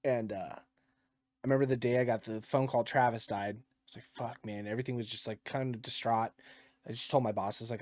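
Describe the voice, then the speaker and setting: A man's voice: mid-range voice, quick pace, dry recording. A man telling stories in a casual podcast, swearing a lot and laughing often. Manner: profane, animated storyteller who laughs often. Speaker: podcast co-host.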